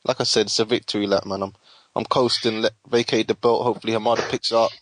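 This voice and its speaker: A man's voice: lowish voice, fairly even intonation, quick pace, fairly bright tone, no room sound. A man co-hosting a boxing podcast, teasing and laughing in casual slangy chat. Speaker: podcast co-host.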